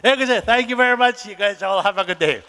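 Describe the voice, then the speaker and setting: A man's voice: high-pitched, fast, pushed and bright, a little hiss or hum. An older man, a councillor, giving an encouraging speech at a conference and telling stories in a folksy way. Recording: reverberant hall.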